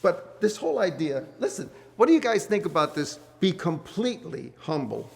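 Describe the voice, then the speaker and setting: A man's voice: sits high, very animated, normal speed, gravelly. A middle-aged man hosting a marriage study group, giving earnest Bible teaching to couples. He repeats key words and asks the group questions.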